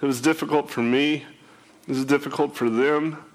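A man's voice: fairly high pitch, fairly even intonation, moderate pace. A man telling his life story to an audience, emotional and tearful, often repeating words as he speaks. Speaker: speaker sharing his testimony. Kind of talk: personal testimony to an audience.

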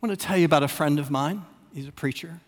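A man preaching a sermon with dramatic repetition, long pauses, and swings from loud emphasis to a hush. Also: fairly high pitch. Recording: long reverb of a large hall.

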